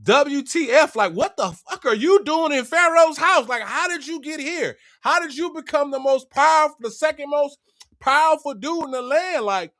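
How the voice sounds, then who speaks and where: A man's voice: high voice, animated, a little slow, fairly bright tone, dry recording, clean studio sound. A man voicing a group of flustered grown brothers in a casual retelling, slangy and protesting. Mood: astonished.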